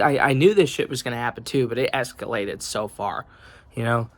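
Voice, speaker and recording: A man's voice: mid-range voice, a little fast, no echo. A young man telling an angry, rambling story in a casual vlog, heavy with swearing and fillers. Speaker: vlogger.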